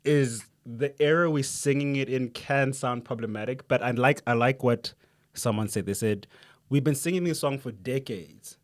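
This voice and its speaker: A South African man co-hosting a podcast, giving his views in a quick, animated way. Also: mid-range voice. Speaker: podcast co-host. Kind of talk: casual chat.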